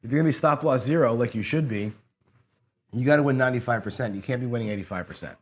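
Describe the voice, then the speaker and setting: Male host, mid-pitch, casual play-along craps commentary, counts payouts aloud, bursts of excitement. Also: quick pace. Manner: talks to camera while rolling dice, counting payouts aloud; excitable bursts when a roll goes his way.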